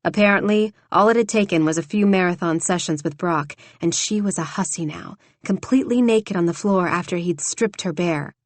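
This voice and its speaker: A woman reading an audiobook in a steady, even storytelling manner. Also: fairly low pitch, moderate pace, few pauses, dry recording. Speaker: audiobook narrator. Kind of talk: scripted audiobook narration.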